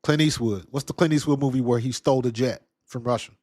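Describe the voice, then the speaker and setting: A man's voice: medium pitch, fast, a little mellow, no echo. Laid-back man hosting football chat. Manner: laid-back, conversational, reads and answers chat. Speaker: sports talk show host. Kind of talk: casual live-stream chat.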